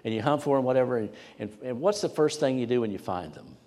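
A man preaching a sermon, earnest, swinging from loud emphasis down to near whispers. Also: medium pitch, animated, fast talker. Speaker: pastor. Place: church sanctuary. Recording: long hall reverb.

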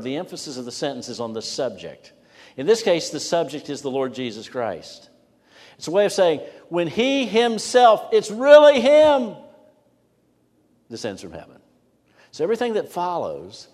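Middle-aged pastor guy preaching a sermon, mid-pitched voice, long hall reverb. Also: darkish tone. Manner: expository preaching with rising emphasis and pauses.

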